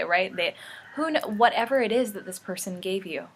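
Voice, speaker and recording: A woman's voice: medium pitch, moderate pace, breathy edge. A young adult woman coaching viewers through steps, emphatic and repetitive, with casual swearing. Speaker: life coach. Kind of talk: motivational teaching talk.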